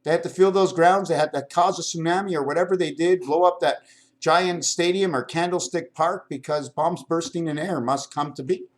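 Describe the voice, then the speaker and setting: Older man, somewhat high voice, rambling home vlog, stream-of-consciousness talk, showing items to the camera. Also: moderate pace. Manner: wandering stream-of-consciousness talk, jumping between topics; shows items to the camera while talking. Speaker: vlogger.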